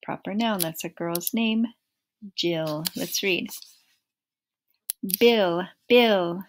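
A woman teaching a first grade phonics lesson, repeating short words slowly and clearly for children to blend. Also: fairly low pitch, slight background noise. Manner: slow, clear word-by-word repetition.

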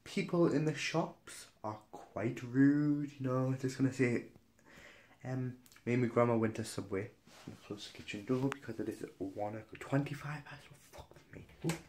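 A young vlogger from Newcastle, England tells a story in a relaxed, gossipy way, swearing now and then. His voice is mid-range with a somewhat dark tone, delivered at a moderate pace.

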